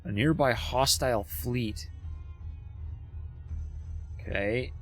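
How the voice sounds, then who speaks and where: A man's voice: mid-range voice, slow pace, soft background music. A man casually commentating his game on a livestream, chatty and thinking aloud. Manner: chatty, thinking aloud, many restarts and fillers. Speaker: streamer.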